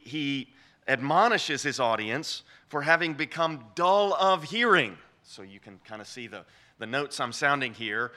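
A man giving a measured lecture on scripture, explaining the text step by step and often restarting his phrases. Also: fairly high pitch, pushed and bright. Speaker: Bible teacher.

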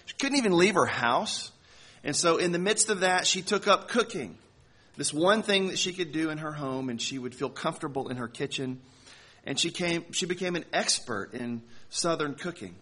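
A man delivering a sermon to a congregation, telling a story in a conversational way with slow, emphatic phrasing. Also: a little high, bright, forceful tone. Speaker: pastor.

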